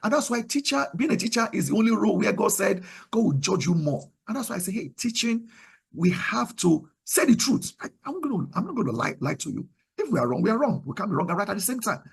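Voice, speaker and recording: A middle-aged Nigerian man with a Nigerian accent preaching a sermon in a conversational, animated way, often repeating words. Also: sits high, fast, vocal fry, slightly rough. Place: virtual service, remote.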